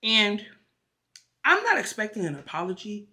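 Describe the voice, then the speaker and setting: A woman vlogger telling a story in an animated, profane, emphatic rant. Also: mid-range voice, moderate pace. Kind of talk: casual ranting vlog.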